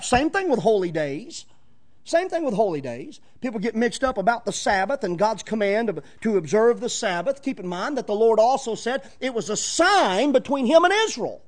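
High, lively-voiced man preaching fervently. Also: normal speed. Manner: fervent, emphatic preaching with repeated phrases; folksy, conversational asides to the congregation. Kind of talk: sermon.

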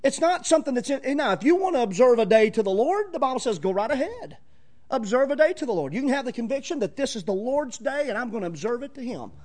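A man's voice: very high voice, sing-song, fast talker, a little mellow. A man preaching a sermon, emphatic and folksy, repeating key phrases and talking straight to the congregation. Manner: folksy, conversational asides to the congregation.

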